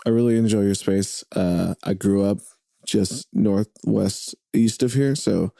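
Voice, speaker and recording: A man chatting as a guest in a relaxed interview, his voice dark and mellow with a fairly low pitch. He rambles, doubles back and fills gaps with "uh" and "like". The sound is close and dry, with no room echo. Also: unhurried, gravelly. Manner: rambling, many fillers and restarts. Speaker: podcast guest, drummer and radio host. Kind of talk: casual interview chat. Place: host's home.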